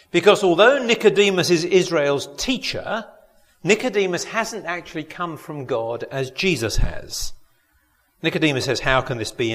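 A man delivering a sermon in a lively, rising and falling voice, pitched a little high for a man. He preaches earnestly and puts questions straight to his listeners. His voice rings with the long reverb of a church hall. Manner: earnest, asks the congregation direct questions.

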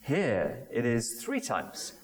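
A man's voice: medium pitch, huge pitch swings, slow pace. Guy preaching, chatty with lots of ums, voice ringing in a big hall. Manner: conversational, with fillers and restarts. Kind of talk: sermon. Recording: long hall reverb.

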